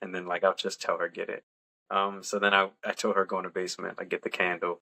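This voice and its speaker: Gravelly-voiced man telling a story. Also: low-pitched, fast. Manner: relaxed, chatty, laughs through the story. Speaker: podcast co-host. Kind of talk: casual storytelling.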